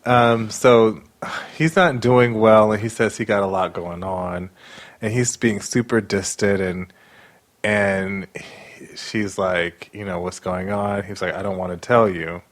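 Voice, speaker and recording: A man's voice: low-pitched, unhurried. A man co-hosting a podcast, casually recapping a reality show and acting out the quotes. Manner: animated retelling with acted-out quotes. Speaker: podcast co-host.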